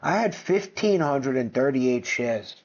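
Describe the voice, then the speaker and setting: A man hosting a finance video, talking casually and excitably over his screen, brash and profane as he runs through figures. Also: mid-range voice, a little slow, dull audio. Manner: brash, profane, excitable, jumps between numbers. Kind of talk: casual screen-share commentary.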